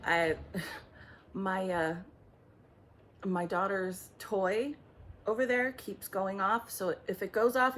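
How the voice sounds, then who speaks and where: A woman speaking as a psychic medium at home, talking in an intense, halting way with angry bursts and many restarts. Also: medium pitch, slight background noise. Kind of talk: emotional spoken monologue.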